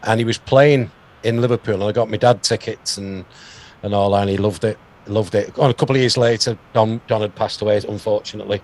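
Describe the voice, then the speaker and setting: A man's voice: fairly low pitch, steady tone, brisk, a little mellow. Chatty English interviewer man. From England. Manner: chatty, trails off with fillers. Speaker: radio host, interviewer. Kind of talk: casual interview chat.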